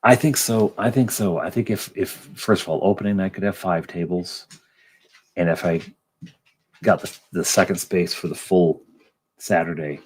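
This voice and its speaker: Casual rambling stream host, low husky voice, a man. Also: darkish tone. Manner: rambling, lots of ums and restarts. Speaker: convention organizer and livestream host. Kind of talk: casual livestream chat.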